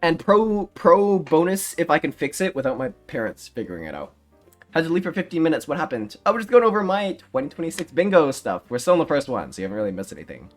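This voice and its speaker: A man's voice: a little high, sing-song, quick pace, faint music behind. A young man streaming live, chatting casually in a rambling, self-mocking way and laughing often. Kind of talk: casual livestream chat.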